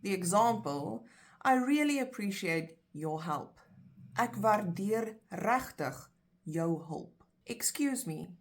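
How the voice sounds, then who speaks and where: A woman's voice: mid-range voice, lively intonation, takes it slowly. A South African woman teaching phrases in a casual, chatty language lesson, explaining with everyday examples. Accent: South African (Afrikaans).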